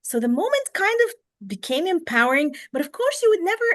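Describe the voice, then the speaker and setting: A woman hosting a podcast over a video call, talking casually and animatedly, swinging between soft and loud and acting out what others said. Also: very high voice, very animated, fairly quick. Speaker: podcast host.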